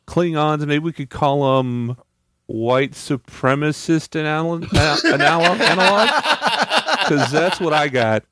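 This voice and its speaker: A man's voice: fairly high pitch, takes it slowly, fairly bright tone. A man co-hosting a podcast, chatting casually with a wry, joking manner. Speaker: podcast co-host. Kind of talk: casual chat.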